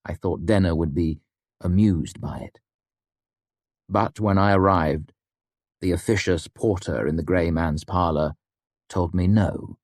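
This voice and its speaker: A man narrating a fantasy audiobook in a measured, expressive storytelling manner. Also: sits low, no room sound, studio quality.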